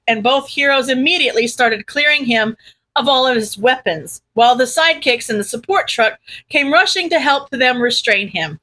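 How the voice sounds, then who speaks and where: A woman reading a fan fiction story aloud with lively narration. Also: a little high, poor audio. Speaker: audiobook reader.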